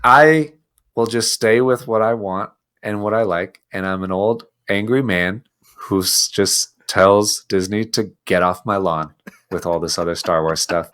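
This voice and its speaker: A man co-hosting a podcast in casual chat, ranting in an animated way and laughing often. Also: lowish voice, measured pace, clean tone. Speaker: podcast co-host.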